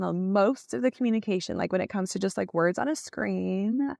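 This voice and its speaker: A woman hosting a podcast in a chatty, casual way, full of fillers and quick tone demos. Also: mid-range voice, gravelly, dry recording, clean studio sound. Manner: chatty, with many fillers, acts out tones of voice. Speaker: podcast host. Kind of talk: casual solo podcast talk.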